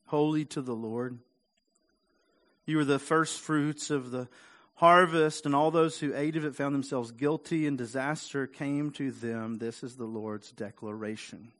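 A man preaching a sermon in a loose, conversational way, with a voice of ordinary middle pitch. He repeats words as he goes and lifts his volume when he wants to stress a point. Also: fairly even intonation, unhurried. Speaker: pastor.

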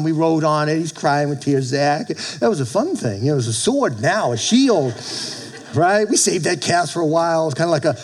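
A middle-aged man, a pastor, preaching a sermon in an animated way, often laughing and acting out little quotes. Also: on the high side.

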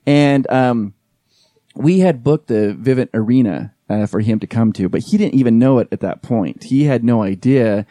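A man in his forties with a mellow, warm voice tells a story on a podcast in a relaxed, chatty way. He slips into the voices of the people in his tale as he goes. The sound is dry and close, recorded on a studio mic. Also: mid-range voice, moderate pace, no echo. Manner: animated storyteller who acts out quoted dialogue. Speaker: podcast guest, event emcee. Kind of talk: casual storytelling chat.

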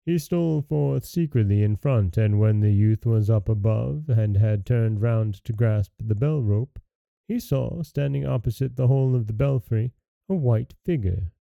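A man hosting and reading a fairy tale aloud in measured storybook narration. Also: medium pitch, gravelly, no echo, narrow, tinny audio. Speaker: storyteller host.

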